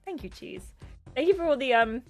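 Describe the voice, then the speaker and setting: A bubbly woman gives casual livestream commentary, thanking her chat over and over. Her voice is high, and faint game music plays under her. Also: animated, moderate pace. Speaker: gaming streamer.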